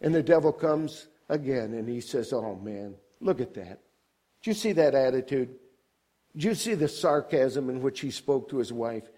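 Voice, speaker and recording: Moving at a moderate pace, an older man questions his congregation throughout a sermon. His voice surges high and loud at important moments and then falls away low and soft.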